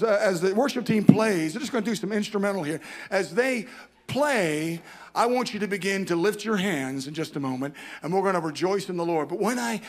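A man preaching a fervent sermon at a church conference, with folksy homespun sayings. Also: sits high.

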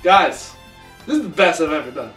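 A man's voice: fairly high pitch, big pitch swings, normal speed, fairly bright tone. A young man co-hosting a casual wrestling chat, playful and laughing often. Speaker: podcast co-host. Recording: echoey room, mic at a distance, music.

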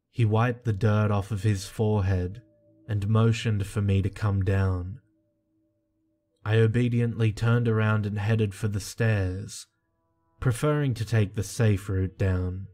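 A man reading a creepy first-person horror story in a slow, hushed and tense way. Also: lowish voice, fairly even intonation. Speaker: narrator. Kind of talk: scripted horror narration. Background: soft music.

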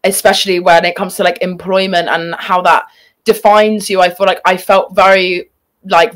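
A British woman in her twenties, a former child actress chatting as an interview guest and filling her speech with "like". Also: mid-range voice. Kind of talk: casual interview chat.

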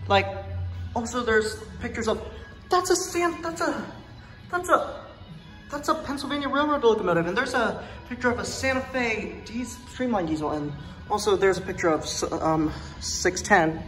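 A young woman vlogging in an indoor museum on a handheld phone, rambling and enthusiastic with many fillers, now and then dropping to a hush. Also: a little high, lively intonation, moderate pace, soft background music. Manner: drops to a hush at times. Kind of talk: excited vlog commentary.

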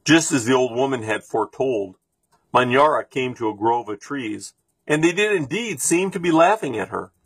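Man reading a storybook aloud: husky, steady, expressive, dry close recording. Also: medium pitch, moderate pace, no room sound. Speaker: reader.

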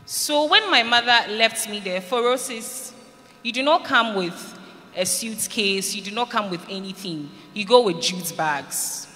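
A woman from Ghana gives an earnest personal testimony to students in a large school hall, acting out what people said to her. Her medium-pitched voice is animated, pushed and bright, at a measured pace. The hall is reverberant, with faint background noise.

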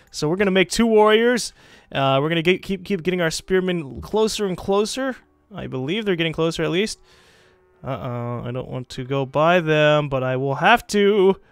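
A young man giving casual, excitable commentary while playing a strategy game, swearing and teasing the computer opponents. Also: fairly high pitch, clean tone, no echo. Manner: excitable, swears, mocks game leaders in put-on voices. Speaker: let's play gamer.

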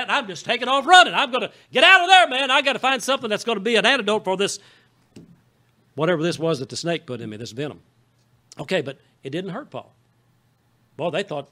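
The high voice of this Southeast Missouri pastor swings widely in pitch, moving a little fast and sounding pushed and bright. With his Southern Missouri accent, he gives a folksy, conversational sermon in a church sanctuary, regularly checking in with the congregation.

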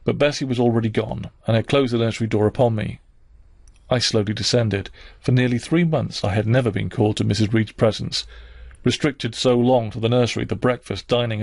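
A man's voice: medium pitch, gravelly, a little mellow, dry recording, studio quality. Man reading a classic novel aloud. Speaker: audiobook reader. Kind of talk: scripted narration of a classic novel.

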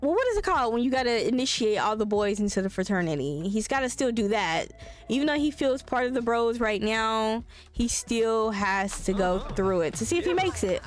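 A woman's voice: a little high, moderate pace. A woman hosting a let's play, giving casual, swear-filled commentary and chatting with her game characters. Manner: animated, swearing, voices the characters.

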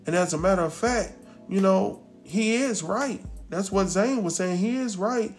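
A man's voice: high voice, moderate pace, soft background music. A man casually recapping a drama episode, acting out the characters' lines and talking back to them. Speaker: TV recap host.

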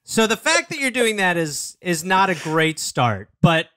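Man, high bright voice, lively joking podcast co-host, dry studio sound. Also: a little slow, clean tone, no room sound. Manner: animated, joking, teasing. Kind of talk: comedic advice podcast banter.

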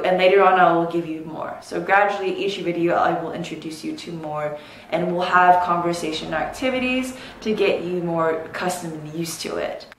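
A woman teaching English pronunciation, saying each example word slowly and clearly. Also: on the low side, a little hiss or hum. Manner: slow, clearly articulated teaching. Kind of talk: pronunciation lesson. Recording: echoey room, distant mic.

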